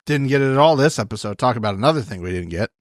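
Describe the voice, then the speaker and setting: A man co-hosts a casual recap podcast and cracks dry, teasing jokes. His mid-pitched voice rises and falls in a lively way. The recording sounds close and dry. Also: fast, dry recording. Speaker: podcast co-host. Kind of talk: casual reality-TV recap chat.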